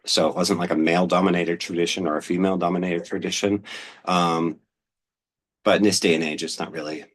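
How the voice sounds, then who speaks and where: A man's voice: deep voice, fairly quick, husky. A man talking casually as a show host, rambling a bit with fillers and restarts, now and then reading from an old newspaper. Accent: Pennsylvania. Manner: relaxed, rambling, with many "um"s and restarts.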